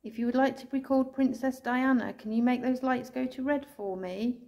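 An English woman ghost hunter calling out to spirits indoors, speaking slowly and tenderly, sometimes tearful, recorded on a handheld camera. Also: high voice, creaky, lo-fi sound. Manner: soft, pleading, slow and tender, calling out with endearments. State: tearful at times.

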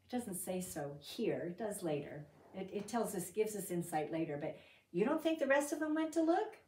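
With slight background noise, a female Bible teacher speaks at a medium pitch and moderate pace. Picked up from afar in a reverberant room, she chats with her group, poses questions, and reads scripture with lively emphasis.

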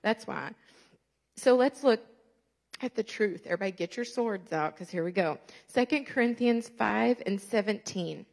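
A woman's voice: medium pitch, moderate pace, gravelly, a little mellow. A woman in her thirties preaching a passionate sermon as a guest speaker, with emphatic bursts of intensity.

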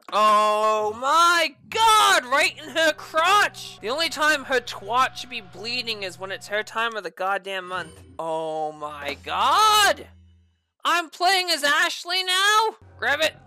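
A woman's voice: a little high, pushed and bright. A woman streaming a video game, swearing and bursting out at what happens on screen. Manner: profane, explosive outbursts. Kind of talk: gaming stream commentary.

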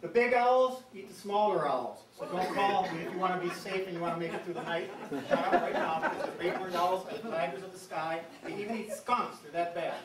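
A guest presenter at a birding society gives a playful, lively talk in a meeting hall, conducting the audience through group chants. His high voice is brisk with few pauses, over a noisy crowd; the hall echoes, the mic is distant, and background noise is heavy.

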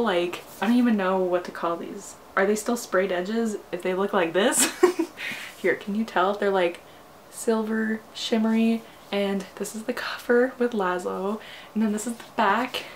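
A young woman films an excited book unboxing, giggling and gushing, with exclamations that sometimes sink to a hush. She talks at an unhurried pace. A faint hiss sits behind her voice. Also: medium pitch. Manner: gushing, giggly, repeats "oh my god", drops to near-whispers. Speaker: booktuber.

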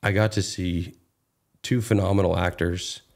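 Low gravelly-voiced man, easygoing. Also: moderate pace. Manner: relaxed, many fillers and restarts. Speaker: podcast guest, actor. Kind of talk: casual interview conversation.

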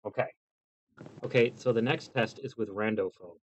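A man's voice: on the low side, moderate pace, muffled recording, a little hiss or hum. A man hosting a home mic-test video, talking loosely and joking as he explains each step at his desk. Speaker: host testing microphones. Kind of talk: casual chat. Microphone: lavalier mic.

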